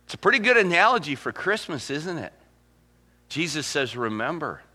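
A middle-aged man preaching a sermon as pastor, telling folksy stories and slowing down to quote scripture. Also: a little high, big pitch swings, pushed and bright.

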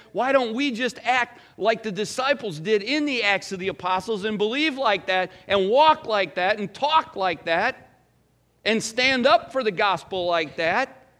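A middle-aged male pastor preaches with a high, light voice. He talks in a relaxed, folksy way and keeps asking his congregation questions. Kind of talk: sermon.

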